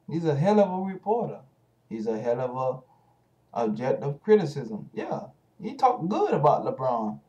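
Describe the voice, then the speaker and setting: A man's voice: on the high side, darkish tone, muffled recording. A man giving casual ranting commentary as a vlogger, heated and profane, speaking straight at the hosts he criticizes.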